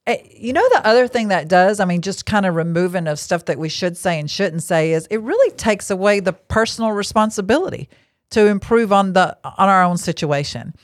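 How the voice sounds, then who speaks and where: This podcast host, also a lay marriage counselor, has a brisk, mid-range voice captured in a dry, clean studio recording. She sits at a table indoors giving a casual Christian teaching talk, frank and bottom-line in tone with chatty asides mixed in.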